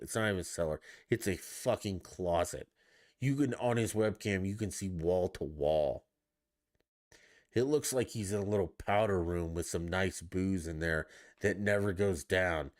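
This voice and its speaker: A man with a lowish voice hosts his own podcast, ranting on his own about sports. He sounds fed up and swears freely as he goes on. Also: normal speed, darkish tone. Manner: ranting, profane, exasperated. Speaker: podcast host. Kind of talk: solo sports rant podcast.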